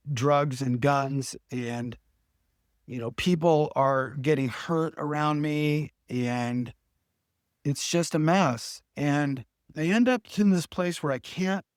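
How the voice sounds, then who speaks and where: A man's voice: mid-range voice, no room sound, clean studio sound. A middle-aged man, a podcast guest, telling his personal story in casual talk, acting out the people he quotes. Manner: earnest storytelling with quoted dialogue.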